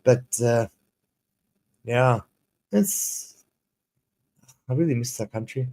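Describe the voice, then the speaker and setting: The voice is medium-pitched and dark-toned, moving at a slow pace. It belongs to a South African English teacher in his thirties who streams, chatting casually, rambling, restarting sentences, and reading out prompts.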